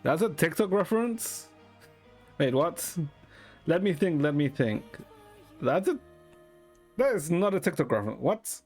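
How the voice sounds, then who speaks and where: A man streaming and chatting casually with a deadpan manner, swearing often. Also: fairly high pitch, unhurried, long pauses, husky, faint music behind.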